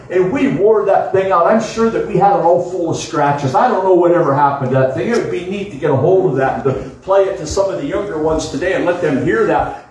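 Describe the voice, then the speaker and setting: A man's voice: high-pitched, a little mellow, a little hiss or hum. An older male pastor preaching a sermon in a church, earnest and repetitive, drawing out words for emphasis. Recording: echoey room, mic far off.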